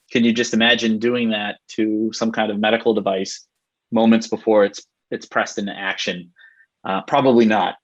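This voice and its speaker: A man's voice: lowish voice, husky, no echo, highs cut off. A man on a webinar panel, explaining things in a casual way.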